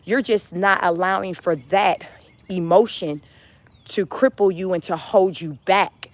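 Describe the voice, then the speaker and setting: A woman's voice: fairly low pitch, steady tone, unhurried, no room sound. A woman hosting a casual motivational livestream, talking emphatically, repeating phrases and laughing often. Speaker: livestream host.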